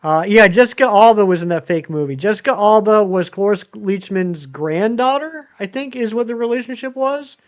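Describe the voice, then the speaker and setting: A man's voice: sits high, moderate pace, hardly any pauses, smooth. A man in his thirties chatting casually on a live stream, rambling and answering viewers. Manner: rambling, chatty, many ums and uhs. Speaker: game streamer.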